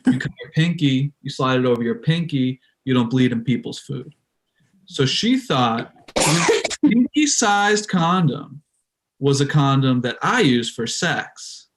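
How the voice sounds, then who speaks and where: A man's voice: mid-range voice, animated, a little slow. A man telling a story in a stand-up set over a video call. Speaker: stand-up comic.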